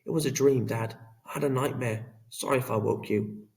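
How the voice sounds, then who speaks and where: A man voicing a frightened, guilt-ridden teenage boy in an audiobook, crying out in desperate, shrill calls. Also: normal speed, gravelly, darkish tone, recorded from a distance, close to an everyday voice. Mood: subdued.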